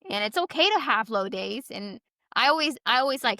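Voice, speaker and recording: A woman in her thirties co-hosting a podcast, energetic and expressive, swearing freely in casual chat. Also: a little high, brisk, dry recording, studio quality. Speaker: podcast co-host.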